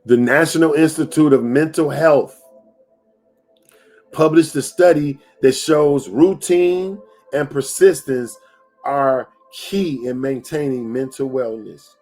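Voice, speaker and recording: A man's voice: on the high side, takes it slowly, a little mellow, soft background music. A man hosting a live-streamed motivational talk. He repeats his lines and speaks straight to the viewers, over and over. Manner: preachy and repetitive, talks straight to viewers.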